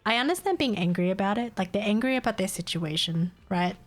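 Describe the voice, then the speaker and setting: A woman's voice: mid-range voice, expressive, a little fast. A young woman, chatting casually on a live stream, venting in exasperation, laughing often and swearing.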